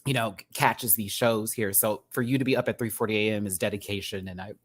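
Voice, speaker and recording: A man's voice: fast talker, no echo. Chatty rambling man on a live stream. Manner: chatty, rambling, animated, with bursts of high laughing. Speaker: YouTube commentary host. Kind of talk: casual live-stream rant.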